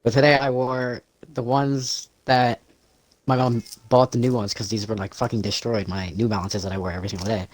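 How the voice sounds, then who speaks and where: A man's voice: medium pitch, level tone, fairly quick, no room sound. Rambling, profanity-heavy young man. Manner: rambling, swears often, laughs a lot. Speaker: podcast co-host. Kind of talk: casual chat.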